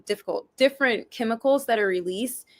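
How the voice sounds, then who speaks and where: Animated, laughing young woman. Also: on the high side, a little fast. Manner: animated storyteller, acts out little scenes with big laughs. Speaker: co-host. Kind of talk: casual chat.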